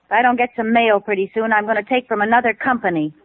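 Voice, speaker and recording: Cheerful chatty young wife, played by an actress, 1950s radio comedy style, slightly high voice, thin old radio recording. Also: female voice, steady tone, quick pace, no room sound, lightly acted. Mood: bubbly. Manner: bubbly, playful comic delivery. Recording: tinny old radio transcription.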